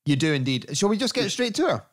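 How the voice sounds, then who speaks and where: Guy hosting a podcast, a bit higher voice, laughs a lot, upbeat. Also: sing-song, fast. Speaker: podcast host. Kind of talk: casual chat.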